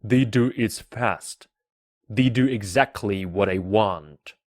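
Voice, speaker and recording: A man voicing a proud, commanding king of a tiny planet in a storybook reading, speaking louder and giving orders. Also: slow pace, dry recording, studio quality. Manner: booming, issues orders.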